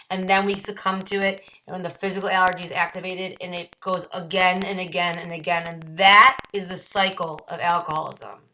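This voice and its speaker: A woman with a Midwestern American accent guides a book study with a bright, clear voice. She reads short passages aloud, then explains them in her own words. Key phrases get repeated slowly for weight. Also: on the low side, level tone, a little hiss or hum, low-quality recording. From United States. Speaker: study group leader. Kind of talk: reading and explaining a recovery text.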